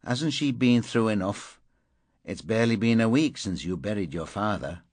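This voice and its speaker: A man's voice: on the low side, lively intonation, moderate pace, no room sound. A man reading the part of a jaded, blunt male crime reporter who speaks tersely and grimly. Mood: grim warning. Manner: terse, grim, curses often.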